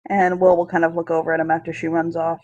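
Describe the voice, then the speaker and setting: A woman's voice: on the low side, monotone, fast, a little mellow, dull audio. A woman narrating as game master, giggly and full of fillers.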